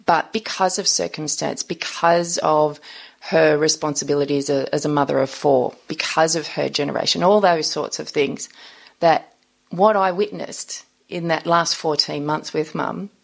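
A middle-aged woman speaks as a guest on an interview podcast. She tells her story in an earnest, reflective and unhurried way. Her voice sits low, with a creaky, gravelly edge. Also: fairly even intonation.

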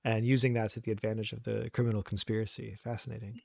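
A man's voice: on the low side, level tone, quick pace, vocal fry, darkish tone. A man interviewing a guest, hesitant and searching for words as he asks his questions.

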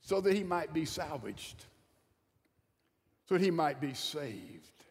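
A man with a high voice delivers an emphatic church sermon. He swings between loud, quick bursts and slow, hushed stretches. A long reverb trails his words through the hall. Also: very animated, slightly rough. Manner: emphatic preacher with wide swings in loudness and pace. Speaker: pastor.

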